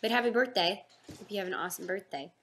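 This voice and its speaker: A woman's voice: medium pitch, fast talker, vocal fry, fairly bright tone, a little hiss or hum. A young woman hosting a casual live fan chat, reading out questions and answering them in an upbeat, chatty way.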